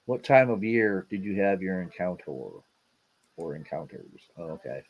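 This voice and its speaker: A man's voice: deep voice, expressive, moderate pace, dull audio. A middle-aged man hosting a casual livestream, rambling and repeating himself with lots of fillers and a laid-back "man" here and there. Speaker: livestream host.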